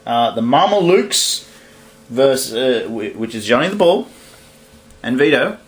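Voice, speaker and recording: A man's voice: medium pitch, sing-song, a little slow. A young man giving casual solo commentary on a wrestling card, rambling and correcting himself as he goes. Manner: rambling, self-correcting, laughs at own slips. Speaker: wrestling fantasy booking host.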